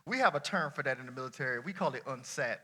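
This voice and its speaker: A man preaching a sermon to a church congregation, talking casually, shouting at some points and dropping low at others. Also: fast talker, slightly rough. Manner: lively colloquial preaching, swinging between shouts and near-quiet asides. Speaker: pastor.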